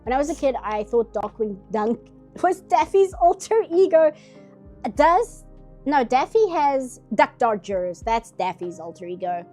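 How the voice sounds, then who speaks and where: A woman's voice: high-pitched, very animated, measured pace, a little mellow, soft background music. A woman with a South African accent chatting casually and eagerly on a live art stream from her home office, often laughing. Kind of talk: casual chat while drawing.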